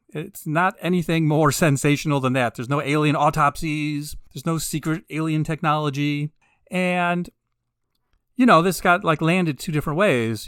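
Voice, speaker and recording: A male podcast host with a voice pitched a little above the usual, recorded close and dry with no room sound. He talks in a loose, sarcastic way, tossing in laughing asides. He then swells into slow, emphatic, drawn-out peaks. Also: fairly bright tone, no room sound. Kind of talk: casual monologue.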